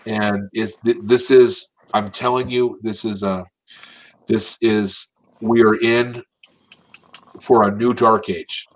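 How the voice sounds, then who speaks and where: A man's voice: on the low side, fairly even intonation, takes it slowly, low-quality recording. A man from the United States giving impassioned political commentary, emphatic and urgent, often repeating and restarting his phrases.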